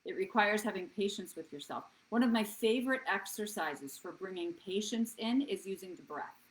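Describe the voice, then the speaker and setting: On a low-quality recording, the thirtysomething woman speaks at medium pitch and normal speed, with an expressive delivery. Hosting a live wellness show, she coaches viewers earnestly and keeps checking in with "right?".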